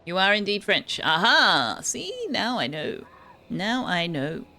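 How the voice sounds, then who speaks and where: A woman's voice: mid-range voice, big pitch swings, takes it slowly, bright, forceful tone. An Australian woman streaming a game, chatting casually with viewers and musing aloud with easy laughs. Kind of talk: casual gameplay chat with viewers. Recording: faint background music.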